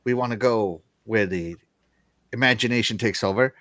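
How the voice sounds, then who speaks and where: A man's voice: lowish voice, normal speed, fairly bright tone, dry recording, clean studio sound. A man hosting a gaming news show, chatting casually in a rambling way and laughing often. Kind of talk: casual panel chat.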